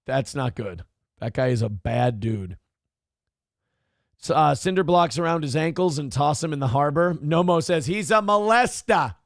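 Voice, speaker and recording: A man's voice: on the high side, normal speed, creaky, no room sound, clean studio sound. A man from Minnesota hosting a morning show, reading live chat aloud and riffing on it with crude, irreverent commentary. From Minnesota, USA.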